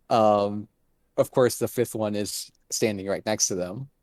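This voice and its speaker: A man's voice: on the low side, steady tone, slow pace, darkish tone, no room sound. A man co-hosting a casual podcast chat, hesitant and chuckling mid-sentence.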